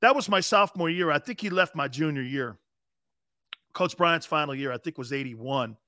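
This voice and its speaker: A man in his fifties hosts a live sports show, rambling through an old story and acting out each quote. His voice sits a little high and sounds bright and forceful. It is recorded close to the mic in a dry room. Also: expressive, normal speed, dry recording. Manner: laughing, rambling anecdote with acted-out quotes. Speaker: host.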